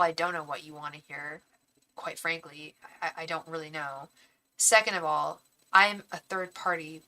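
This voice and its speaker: A woman's voice: low voice, sharp tone, rough recording. A young woman doing a live tarot stream, talking earnestly and defensively to viewers, stammering and restarting, calling them pet names, and openly emotional. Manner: calls viewers pet names like babe and honey. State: emotional, heart racing.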